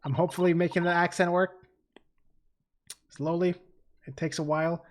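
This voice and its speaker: A man streaming a video game, giving excitable commentary with plenty of swearing. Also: high voice, normal speed. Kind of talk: let's play commentary.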